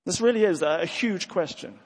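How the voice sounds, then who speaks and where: A man's voice: high-pitched, fairly quick, slightly rough. A man preaching a sermon in an earnest manner, often restarting his words. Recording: long hall reverb.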